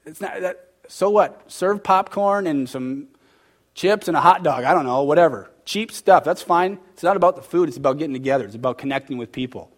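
A man's voice: fairly high pitch, animated, fairly quick. A man teaching a church group in a casual, interactive sermon, quizzing his listeners and growing emphatic and emotional. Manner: conversational and emphatic, quizzing the audience; gets heated and emotional.

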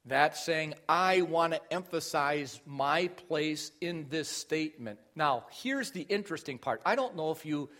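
A man's voice: a little high, animated, measured pace, few pauses, fairly bright tone. A middle-aged man preaching a sermon, explaining scripture and rising in force on key phrases. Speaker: pastor.

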